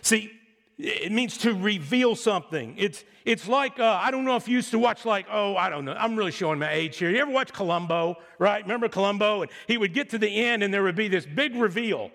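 A middle-aged pastor with a high voice delivers a sermon to his congregation. He talks in a chatty, joking way and slips into sarcastic impressions. His voice carries a long hall reverb from the church around him. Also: expressive, a little fast, fairly bright tone.

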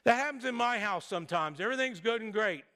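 A man's voice: sits high, lively intonation, fast talker, pushed and bright. A middle-aged man preaching a sermon in a casual storytelling way, with jokes and asides. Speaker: pastor. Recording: long hall reverb.

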